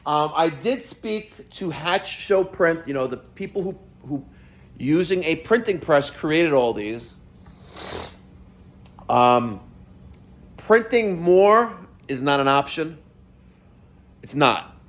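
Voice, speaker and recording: A man's voice: fairly high pitch, expressive, takes it slowly, long pauses. A middle-aged man, ranting casually to camera about delayed mail, swearing and exasperated. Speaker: vlogger.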